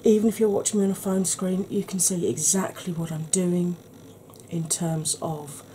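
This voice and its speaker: A woman with a slightly husky voice, giving a soft-spoken ASMR makeup tutorial in a chatty, explanatory way. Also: fairly low pitch, steady tone, moderate pace, a little hiss or hum.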